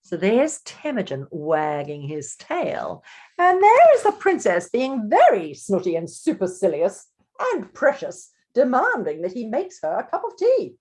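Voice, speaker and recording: Woman children's storyteller, animated and theatrical, slow read-aloud delivery for kids. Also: mid-range voice, slightly rough. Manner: animated, theatrical, talks directly to young listeners. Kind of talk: reading a picture book aloud to children.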